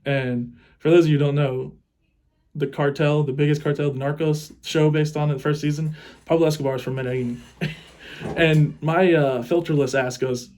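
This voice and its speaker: A man's voice: a little high, steady tone, normal speed, darkish tone. A young adult man, a teacher, telling a funny story in a loose, rambling way, swearing casually and breaking into laughs. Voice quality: rambling and crude, with frequent laughs.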